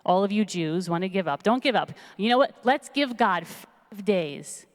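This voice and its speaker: A woman's voice: mid-range voice, animated, normal speed, close to an everyday voice. A woman voicing a blustering, patronizing male town sheriff, in a hall with long reverb. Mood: rallying.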